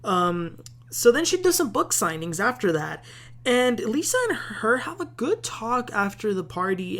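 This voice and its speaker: A woman hosting a casual TV recap, chatty and opinionated, with plenty of filler words. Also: medium pitch. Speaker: host.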